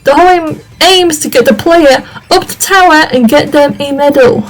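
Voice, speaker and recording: A woman's voice: high voice, normal speed, faint music behind, natural voice, rough recording. A woman voicing a stern, angry female soldier sergeant who barks orders and scolds. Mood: angry scolding.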